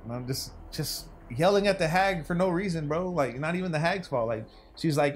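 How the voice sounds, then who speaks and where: A young man streaming a game, chatting loosely with his viewers in slangy banter that swings from hype to low mutters. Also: animated, moderate pace, slight background noise. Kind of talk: casual gaming stream commentary.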